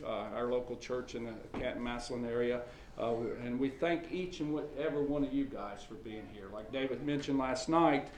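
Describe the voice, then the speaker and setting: A middle-aged man preaches in a church hall, telling his sermon in a folksy storytelling style full of fillers and restarts. His mid-range voice is slightly mellow, and the echoey hall adds faint ambience and slight background noise.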